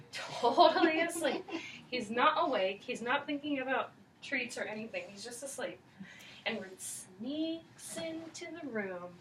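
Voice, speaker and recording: A woman's voice: fairly high pitch, a bit bright. A woman casually retelling a Bible story with slang and giggles, directing someone acting it out. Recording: distant mic, faint background noise.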